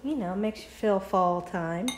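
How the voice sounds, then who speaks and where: A cooking channel host speaks at a measured pace in a mid-range voice, her home kitchen echoey with a little hiss or hum. Laughing often, she chats with viewers as she tastes and pours in a casual demonstration.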